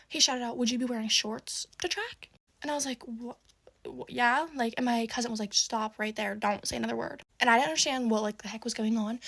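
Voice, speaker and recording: A teenage girl telling a story in a casual, exasperated way, full of "like" and quick asides. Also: fairly high pitch, a bit bright. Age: teens. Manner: fast, exasperated, heavy use of "like".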